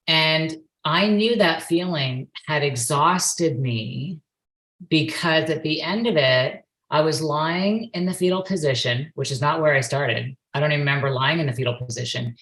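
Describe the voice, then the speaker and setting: A woman's voice: deep voice, fairly bright tone, rough recording. A woman in her forties, a guest on a podcast interview, earnestly telling a personal story and now and then acting out her own past outbursts. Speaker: guest, perception facilitator and yoga instructor.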